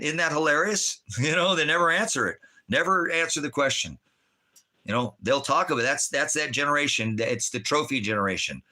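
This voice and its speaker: A man's voice: a little high, expressive, brisk, bright, forceful tone. Angry swearing man ranting on a livestream. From Oregon, US. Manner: angry, swearing, scolding chat viewers. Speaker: livestream host reading chat. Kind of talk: profane ranting livestream talk.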